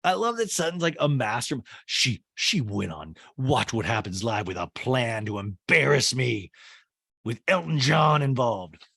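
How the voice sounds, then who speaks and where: A man hosting a podcast, recapping a reality show in casual, profane, exasperated commentary and mimicking the cast in low, mocking voices. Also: big pitch swings, unhurried, creaky, fairly bright tone, breathy edge, no echo, clean studio sound.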